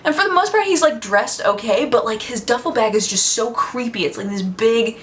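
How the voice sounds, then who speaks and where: A woman's voice: fairly high pitch, lively intonation, fairly quick, slight background noise. A woman vlogger telling a story in a chatty, casual way, with lots of fillers and frequent laughter.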